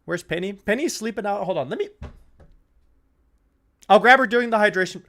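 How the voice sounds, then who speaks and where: A young man hosts a live football watch-along stream, chatting casually, swearing freely, and getting worked up over the play as he shouts and laughs at goals. He speaks fairly quickly in a high voice.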